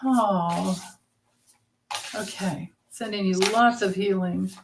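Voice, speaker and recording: A woman's voice: mid-range voice, takes it slowly, vocal fry, noisy background. A woman with a Southern accent co-hosting a tarot livestream, chatting casually, reading viewer comments and laughing often.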